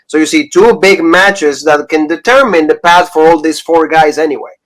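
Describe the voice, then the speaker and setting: A man's voice: on the high side, moderate pace, a bit bright, rough recording. A man hosting a casual wrestling review podcast, recapping segments in loose, filler-heavy talk. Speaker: wrestling show host.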